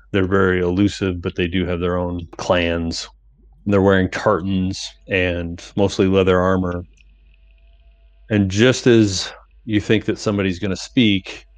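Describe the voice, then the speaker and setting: A man narrating a tabletop game as game master, calm and descriptive. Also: deep voice, dry recording.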